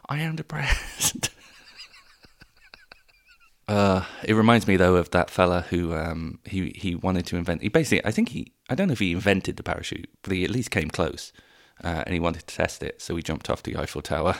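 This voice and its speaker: A man's voice: low voice, fast talker, no room sound, clean studio sound. A man hosting a solo comedy podcast, rambling, self-deprecating and sweary, jumping between voices. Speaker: podcast host.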